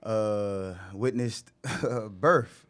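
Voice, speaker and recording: A man guest on a podcast, speaking in a reflective, halting way with many restarts and AAVE phrasing. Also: fairly low pitch, over a noisy crowd. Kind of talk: casual chat.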